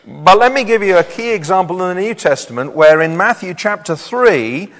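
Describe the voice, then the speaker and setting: A man's voice: high-pitched, expressive, normal speed, fairly bright tone. A man preaching a sermon, reading scripture aloud and then explaining it to his congregation. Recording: long hall reverb.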